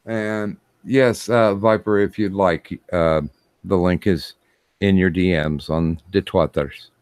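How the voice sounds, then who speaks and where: A man hosting a casual livestream chat, talking in a halting way with many fillers and restarts. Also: sits low, fairly even intonation, a little mellow, clear, resonant tone, no echo, studio quality. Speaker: stream host.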